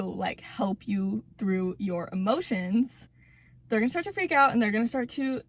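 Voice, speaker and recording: A woman's voice: on the high side, a bit bright, dry recording. A woman giving casual relationship advice to camera, blunt and emphatic, swearing freely and repeating words for stress.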